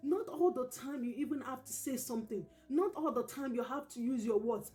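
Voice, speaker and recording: A woman hosting a parenting channel, giving advice straight to camera, repeating each key point slowly and emphatically. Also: high-pitched, dark tone, soft background music.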